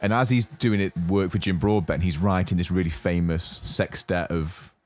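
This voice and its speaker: A young adult man co-hosting a podcast, casually telling a long story with lots of fillers and animated asides. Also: sits low, moderate pace, soft background music. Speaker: podcast co-host. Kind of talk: casual chat.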